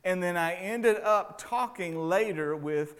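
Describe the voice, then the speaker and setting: A man preaching a relaxed, conversational sermon as a pastor and chaplain, with a self-deprecating sense of humor and lots of stammered restarts. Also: sits high, unhurried. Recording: long hall reverb.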